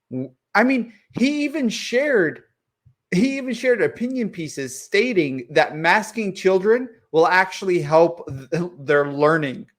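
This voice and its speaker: A man co-hosting a political podcast, ranting with lots of swearing and repetition. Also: a little high. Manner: profane and worked-up, repeats himself. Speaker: podcast co-host. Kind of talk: heated political podcast chat.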